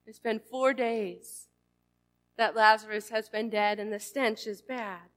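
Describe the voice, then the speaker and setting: A woman reading the lines of a grieving sister, Martha, in a soft, quiet way. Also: mid-range voice, fairly even intonation, slow pace, pitched below the performer's own voice. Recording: long hall reverb.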